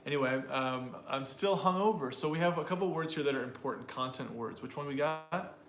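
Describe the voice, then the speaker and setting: Man teaching pronunciation in a roomy space. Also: mid-range voice. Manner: slow, drawn-out repetition of example phrases. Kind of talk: relaxed online lesson. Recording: roomy with faint noise.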